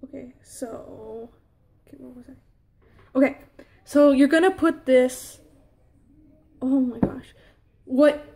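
High-pitched, slow-talking flustered young woman. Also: creaky, warm tone. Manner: flustered, laughing at her own slip-ups. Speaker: crafting vlogger. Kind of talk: casual blooper vlog.

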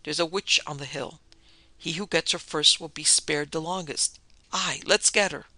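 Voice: mid-range voice, normal speed, bright, forceful tone, dry recording. A narrator doing an urgent, frightened townsman. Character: fearful colonial townsman stirring a mob.

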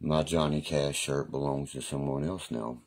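A man's voice: a bass voice, fairly even intonation, normal speed, a little mellow. A man rambling profanely and boastfully through stories on a live stream. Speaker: livestreamer.

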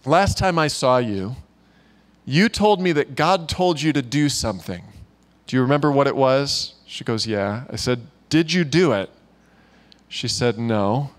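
In a church meeting room, a pastor tells a story during his sermon, unhurried and in a mid-range voice. He's an animated storyteller who laughs often and acts out the voices of the people in it.

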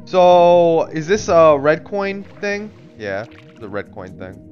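A man from Florida streaming a video game live, casually chatting with viewers, swearing and breaking into excited outbursts. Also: fairly high pitch, unhurried, muffled recording, faint music behind.

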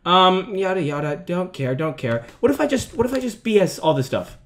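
A man's voice: sits high, expressive, brisk. Jumpy young man yelping through a horror game. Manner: jumpy, swearing, yelping and laughing at scares. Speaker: gaming video host. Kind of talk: horror game playthrough commentary.

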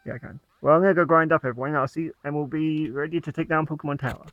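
A man's voice: on the high side, fairly even intonation, very fast, a bit bright, no room sound. Man, playful game commentary, chatty, dry lo-fi recording. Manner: playful, chatty, laughs at own jokes. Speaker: let's play gamer. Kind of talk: casual gameplay commentary. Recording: dull lo-fi sound.

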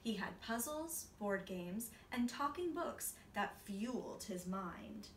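A woman's voice: mid-range voice, animated, takes it slowly. Woman reading a picture book aloud. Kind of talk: storybook read-aloud for children. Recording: echoey room, voice from a distance, faint hiss.

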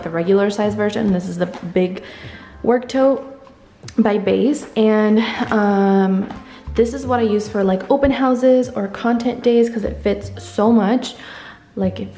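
A woman's voice: medium pitch, mellow. A young woman vlogging as a real estate agent, talking casually to the camera with lots of "um" and "like" while she sets up in an empty new house. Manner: chatty, many fillers like "um" and "like". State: a little out of breath. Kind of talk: casual vlog talk to camera. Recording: roomy echo in an empty house.

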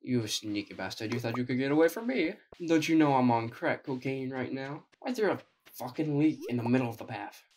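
Young dude cussing through a farm game, sarcastic, voice kinda strained. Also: male voice, mid-range voice, animated, a little fast, darkish tone, slight background noise. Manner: sarcastic, profane, talks to himself. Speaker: gaming video creator. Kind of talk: casual gameplay commentary.

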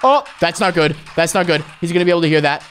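A young man giving excitable let's-play commentary on a sneaking game, switching between hushed muttering and high panicked yelps. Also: quick pace, soft background music. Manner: talks to viewers while sneaking. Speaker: gaming YouTuber.

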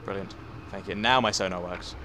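A man giving casual, chatty gameplay commentary with excitable outbursts and self-mocking asides. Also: low-pitched, fairly quick. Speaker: let's play commentator. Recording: game audio noise under the voice.

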